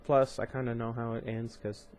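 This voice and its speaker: Here the same kind of channel host, a young man, reads a novel aloud in a mid-range, darkish voice at a moderate pace and with flat delivery, over a slight hiss or hum. This amateur book reading is interrupted by his loose, chatty commentary, complete with fillers and restarts.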